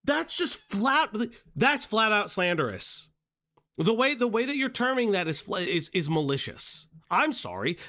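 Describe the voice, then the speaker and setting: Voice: mid-range voice, sing-song, a little slow, pushed and bright. A streamer giving live reaction commentary, ranting with heavy profanity and exasperation.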